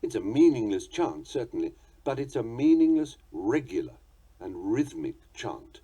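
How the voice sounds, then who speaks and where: A man reading a book on poetry aloud in a measured, articulate and playfully precise manner. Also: mid-range voice, very animated, dark tone, slightly rough. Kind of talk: audiobook narration.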